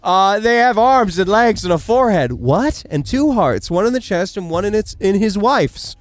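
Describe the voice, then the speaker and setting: A man voicing a cheeky, rude young street boy in a game, shrill and jeering. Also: sing-song, moderate pace, no echo. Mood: mocking.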